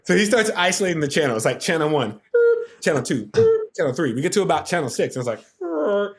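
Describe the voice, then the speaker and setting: A man's voice: on the high side, wildly swooping pitch, very fast. A middle-aged man telling a story as a podcast guest, acting out quotes and sound effects as he goes. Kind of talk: casual storytelling.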